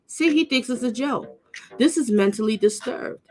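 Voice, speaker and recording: A woman's voice: sing-song, moderate pace. A middle-aged woman, reading crime news aloud and breaking off for scornful comments, often stumbling and correcting herself. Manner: blunt and scornful, with sudden high outbursts.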